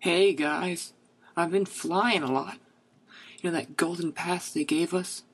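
A man's voice: a little high, steady tone, slight background noise. A man doing a weary, stammering castaway. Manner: halting, stammering. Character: weary man obsessed with returning to island.

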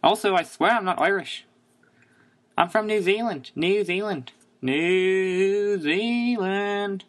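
A man's voice: sits high, normal speed, a bit bright. A man voicing a cheerful visiting New Zealander who keeps repeating the country's name. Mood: bumbling. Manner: repeating words in a put-on accent. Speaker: fan contributor doing an impression skit.

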